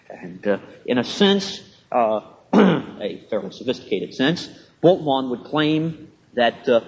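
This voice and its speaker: Halting male lecturer on a dull recording. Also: medium pitch, a little mellow, a little hiss or hum. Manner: measured, halting with frequent uh fillers, dry humor. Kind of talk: classroom lecture.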